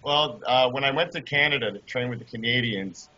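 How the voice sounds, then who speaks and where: Husky man telling an animated story. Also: medium pitch, a little fast. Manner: animated, acts out quoted voices. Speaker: guest, former kayaker. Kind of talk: storytelling interview. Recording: dull lo-fi audio.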